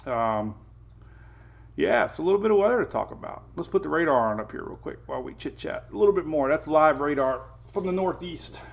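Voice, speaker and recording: A man's voice: fairly high pitch, expressive, a little fast, vocal fry. A middle-aged man hosting a casual morning weather livestream, chatting with viewers, greeting them by name and chuckling often.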